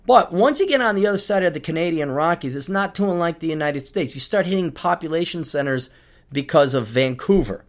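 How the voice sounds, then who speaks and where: A man's voice: a little high, fairly quick. A middle-aged man hosting a podcast, telling travel stories in a loose, rambling way and laughing as he goes. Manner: rambling, animated storytelling with laughter. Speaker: podcast host. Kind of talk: casual monologue.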